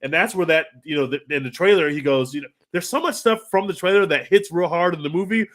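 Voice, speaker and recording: A podcast co-host in casual film review chat, talking excitedly and swearing freely as he gushes. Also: on the high side, quick pace.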